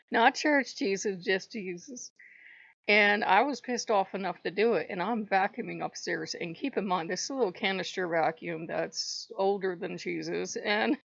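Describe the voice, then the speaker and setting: A woman's voice: mid-range voice, vocal fry, fairly bright tone, no room sound, lo-fi sound. A woman hosting her own channel, telling a story in a blunt, profane, casual way with laughing asides. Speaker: channel host.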